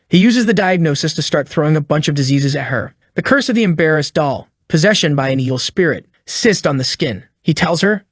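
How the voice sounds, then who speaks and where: A man narrating a comic story recap in a brisk, plain storytelling manner. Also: fairly high pitch, animated, no echo, clean studio sound.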